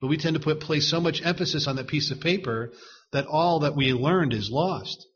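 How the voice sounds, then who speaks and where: A man preaching a sermon in a measured, emphatic way, repeating words to stress them. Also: fairly high pitch, fairly bright tone, slightly rough, lo-fi sound.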